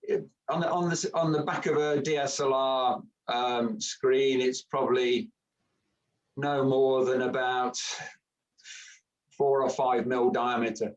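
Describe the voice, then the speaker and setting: A man's voice: mid-range voice, steady tone, a little slow, recorded from a distance, muffled recording. A man giving a chatty, joking camera club talk with many fillers.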